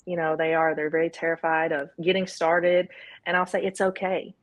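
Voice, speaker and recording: Woman, Southern US accent, interview guest, candid, fairly low voice. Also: completely flat delivery, moderate pace. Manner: candid, self-reassuring, quotes her own inner thoughts. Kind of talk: casual interview talk.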